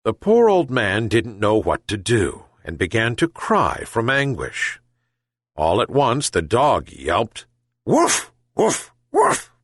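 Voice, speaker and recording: A male reader telling a fable in a slow, careful storybook style meant for language learners. His pitch is mid-range but rises and falls very widely. The recording is dry and close to the mic. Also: big pitch swings, fairly bright tone, no room sound. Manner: slow, deliberate reading for learners. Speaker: audiobook reader. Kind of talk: scripted storybook narration.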